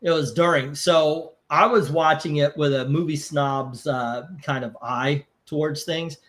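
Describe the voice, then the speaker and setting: A rather high-pitched man running a live comic auction. He rambles between bids, swears casually and laughs through his stories. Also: unhurried, a bit bright. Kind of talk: casual live-stream chat.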